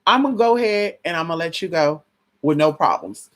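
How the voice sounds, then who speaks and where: A woman quoting a calm, condescending male police officer in a measured, official tone. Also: on the low side, close to an everyday voice. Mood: matter-of-fact.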